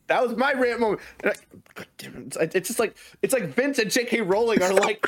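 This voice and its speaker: A man with a fairly high voice co-hosts a casual podcast chat. He talks in an animated, expressive way, his pitch leaping up and down as he rants and swears freely. He breaks into laughter often. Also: moderate pace, pauses often, slight background noise. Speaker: podcast co-host.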